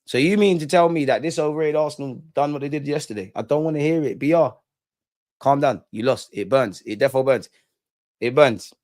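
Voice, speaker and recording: A young man hosts a live football reaction stream for his fan channel, bantering, mocking rival fans, and reading the chat aloud. His medium-pitched, darkish voice moves a little fast in clean studio sound with no echo.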